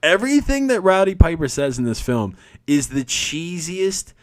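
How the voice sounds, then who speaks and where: A young man co-hosting a podcast, chatting casually and excitedly about a movie, swearing, laughing and acting out lines. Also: a little high, moderate pace. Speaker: podcast co-host.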